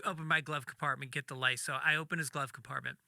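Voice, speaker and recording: A man, a comedian, telling a story in casual talk, animated and acting out the voices of the people in it, with some swearing. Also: a little high, quick pace, vocal fry, dry recording, studio quality. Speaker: podcast guest, comedian.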